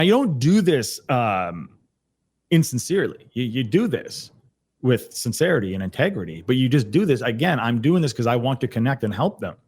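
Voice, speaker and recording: With a medium-pitched, slightly mellow voice, a man explains things energetically as a podcast guest. He's a sales trainer talking casually over a video call on his computer mic, and he often repeats words and restarts.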